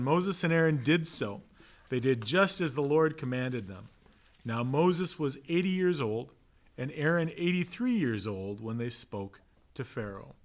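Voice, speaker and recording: A pastor teaching a relaxed Bible class, conversational and joking, with an Upper Midwest American accent. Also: male voice, mid-range voice. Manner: conversational, asks "right?" often, acts out quick voices. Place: church classroom.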